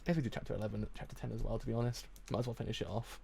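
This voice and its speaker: A man with a gravelly voice reading a comic aloud live, in a casual way, stumbling and restarting often. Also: mid-range voice, flat delivery, very fast, dark tone, a little hiss or hum.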